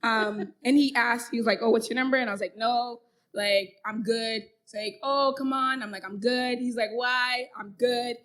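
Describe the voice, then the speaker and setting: Casting: young woman, podcast co-host, lively storyteller, a bit high, laughs a lot. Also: normal speed. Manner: animated, laughs often, acts out others' lines. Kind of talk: casual storytelling chat.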